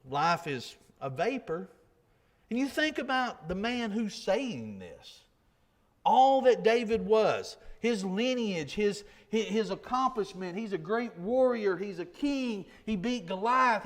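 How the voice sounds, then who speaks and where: High-voiced preacher. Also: male voice. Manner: conversational preaching with frequent repetitions and rhetorical questions. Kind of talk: sermon.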